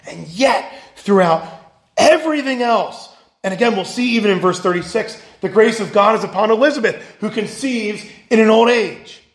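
A man's voice: high voice, expressive, normal speed, echoey room. A male pastor giving a sermon, earnest and emphatic, asking his listeners questions.

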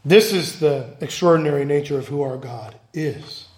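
A man's voice: on the high side, moderate pace, a little mellow, reverberant. A male pastor giving a sermon, earnest and emphatic, asking his listeners questions.

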